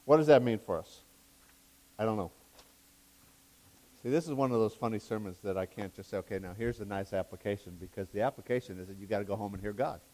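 A fairly low-pitched man preaches fast and excitably. He shifts between fervent shouting bursts and quiet side remarks, laughing at his own jokes and backtracking on how he phrased things.

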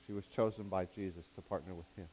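A man preaching a sermon, excitable, swinging between loud fervent bursts and quiet asides, laughing at his own jokes and backpedaling on his wording. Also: sits low, fast talker, slight background noise.

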